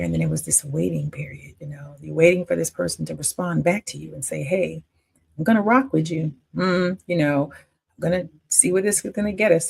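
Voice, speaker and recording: Fifty-something woman, super gravelly raspy voice, telling her story all emotional, loud then whispery. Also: fairly low pitch. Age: 50s. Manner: emotional, emphatic, swinging between loud declarations and near-whispers. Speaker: independent filmmaker. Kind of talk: personal storytelling monologue.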